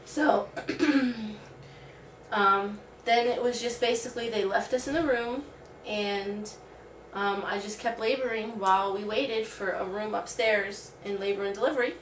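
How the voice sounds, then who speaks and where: A woman's voice: mid-range voice, a little slow, slight background noise. A woman vlogger telling a personal story in casual, rambling talk full of "like". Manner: rambling, heavy use of "like". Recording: roomy sound from a distant mic.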